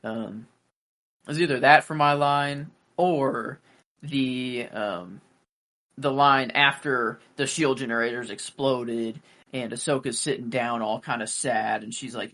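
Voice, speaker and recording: A young man chatting on a fan podcast. He rambles and hesitates, filling gaps with "like" and "you know". His voice sits at an ordinary middle pitch. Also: steady tone, takes it slowly, fairly bright tone. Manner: rambling, hesitant, many fillers. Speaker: podcast co-host. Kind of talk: casual fan podcast chat.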